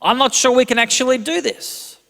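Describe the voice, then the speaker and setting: A man in his thirties preaching a sermon as a pastor, telling a self-deprecating story with animated delivery and frequent laughter. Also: very high voice, fairly quick, gravelly. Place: church hall. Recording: long hall reverb.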